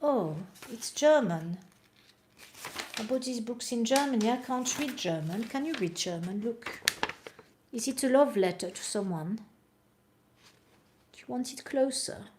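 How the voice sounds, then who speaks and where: A woman's voice: on the high side, animated, unhurried, long pauses, background noise. A woman reading aloud from old books at night and chatting to the camera between passages. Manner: chatty, reads aloud and comments, talks to camera. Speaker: reader of homeopathy books.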